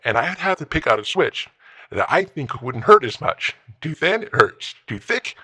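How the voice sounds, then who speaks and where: Comedy bit: a man as a cranky ancient old-timer, rambling gripes in a bright, sharp voice. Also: mid-range voice, sing-song, moderate pace, husky, heavily acted. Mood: grumbling. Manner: rambling, grumbling, nostalgic complaints. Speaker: comedy character host. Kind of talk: comedic rant monologue.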